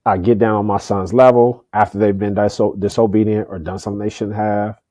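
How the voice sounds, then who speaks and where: A middle-aged man talks earnestly as a podcast guest, often repeating a word before his thought comes out. His voice is low-pitched and warm. It is recorded dry and close. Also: level tone, a little fast, no room sound. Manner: earnest, repeats words when starting a thought. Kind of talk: candid conversational interview.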